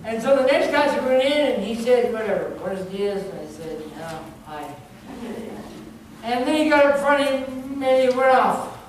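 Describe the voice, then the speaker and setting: A man's voice: very high voice, animated, moderate pace, hardly any pauses. A man preaching a sermon as pastor, emphatic and repetitive, telling a personal story with chuckles along the way. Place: church sanctuary. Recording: very echoey church hall, speaker far from mic, audible room noise.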